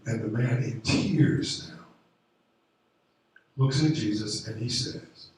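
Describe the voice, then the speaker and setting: A man preaching a sermon as pastor, slow and deliberate, building in intensity and volume as he presses his point. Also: medium pitch, lively intonation. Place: church sanctuary. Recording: very echoey room, voice from a distance.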